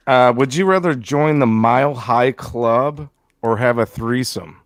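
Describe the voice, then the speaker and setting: A man hosting a casual podcast, steering the questions quickly and jokingly. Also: mid-range voice, no echo, clean studio sound. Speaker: host.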